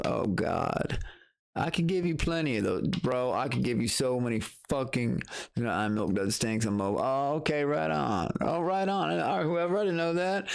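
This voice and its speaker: A man's voice: mid-range voice, vocal fry. Blunt, profane man ranting on a stream. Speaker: livestreamer. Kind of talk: casual late-night stream rant.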